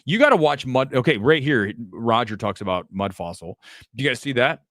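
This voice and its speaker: A man hosting a casual live commentary show, animated and profane, jumping from topic to topic. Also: mid-range voice, a little fast, no echo, clean studio sound. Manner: animated, swearing, jumps between topics. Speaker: host.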